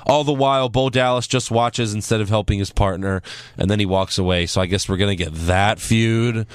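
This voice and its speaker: A man's voice: fairly low pitch, fairly quick, clean tone, dry recording, clean studio sound. A man hosting a podcast, recapping wrestling in casual, rambling chat with swearing. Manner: rambling, swears, mocks with put-on quotes. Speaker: podcast host.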